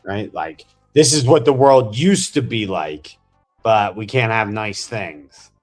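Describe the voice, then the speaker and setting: A man's voice: fairly low pitch, slow pace, faint music behind. A man hosting a casual miniature-painting chat, rambling enthusiastically as he tells stories. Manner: chatty, rambling, enthusiastic storyteller.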